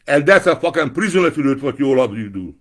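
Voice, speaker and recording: A man giving an angry, profane political rant to camera, breaking into shouted outbursts. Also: mid-range voice, sing-song, fast talker.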